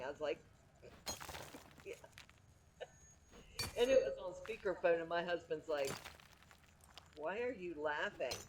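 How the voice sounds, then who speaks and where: A woman's voice: lowish voice, a little mellow, a little hiss or hum, poor audio. A middle-aged woman streaming from home, chatting candidly and rambling with frequent restarts. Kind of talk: casual chat.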